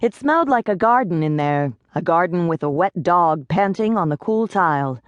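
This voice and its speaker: Audiobook narrator, woman, lower register, dry booth sound. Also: lively intonation, normal speed, dry recording, muffled recording. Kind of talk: first-person audiobook narration.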